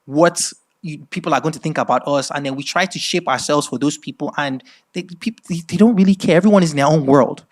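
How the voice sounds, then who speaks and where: Nigerian guy teaching a class, kinda high voice, keeps saying right?, tells stories with energy. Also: fairly quick. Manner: animated storytelling, frequent "right?" checks, restarts. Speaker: speaker at a masterclass. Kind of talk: lecture with personal story.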